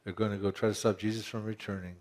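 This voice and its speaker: A man's voice: lowish voice, level tone, fast, a little mellow. A man pastor preaching a conversational sermon, asking rhetorical questions and often restarting his phrases.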